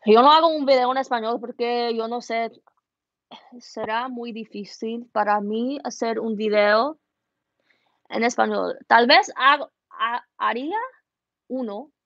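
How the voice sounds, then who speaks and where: A woman with a somewhat high voice chats casually from her home embroidery studio, answering viewers' questions as they come in. She laughs at herself and moves easily between two languages. The sound is dry and slightly muffled. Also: moderate pace, a bit bright, dry recording. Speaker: embroidery business owner answering live chat. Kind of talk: casual chat switching between English and Spanish.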